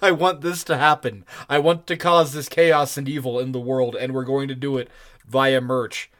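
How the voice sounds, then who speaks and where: A man co-hosting a podcast in casual chat, excitable and rambling, laughing often. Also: medium pitch, moderate pace. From Colorado. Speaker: podcast co-host.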